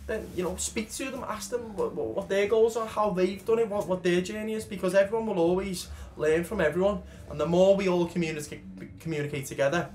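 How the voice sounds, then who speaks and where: A man's voice: high-pitched, fairly quick, hardly any pauses, darkish tone, slight background noise. A man co-hosting a gym podcast, talking in an earnest, encouraging way with repeated "you know". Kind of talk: casual chat.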